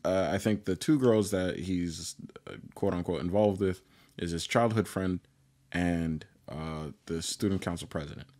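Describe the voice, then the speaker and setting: A man's voice: sits low, a little slow, darkish tone. A man casually recapping an anime on a podcast, rambling with lots of "like" and acting out the characters' lines. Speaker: podcast co-host.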